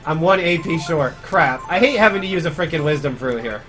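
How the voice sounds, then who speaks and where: A man's voice: on the high side, expressive, brisk, fairly bright tone, soft background music. A man giving casual live commentary on his speedrun, chatty and grumbling about mistakes. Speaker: speedrunner streamer.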